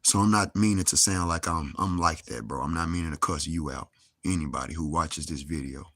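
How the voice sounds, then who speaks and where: A man's voice: very deep voice, brisk, a bit bright, no room sound, clean studio sound. A young man, ranting angrily to camera with heavy cursing and rhetorical questions. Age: young adult. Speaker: vlogger. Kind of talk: angry monologue to camera.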